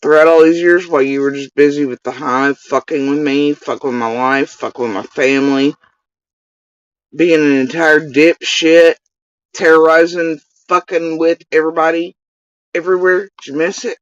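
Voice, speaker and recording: A man's voice: fairly high pitch, fairly even intonation, normal speed, dry recording. Furious, profane man ranting at someone. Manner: profane, accusatory, insulting. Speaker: channel host. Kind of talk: angry direct-to-camera rant. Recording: dull lo-fi dry recording.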